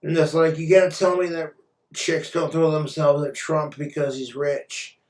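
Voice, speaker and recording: A man's voice: a little high, level tone, normal speed. A man ranting on his own vlog in a crude, blunt way, swearing freely. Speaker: vlogger. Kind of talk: profane casual rant. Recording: roomy echo, far from mic.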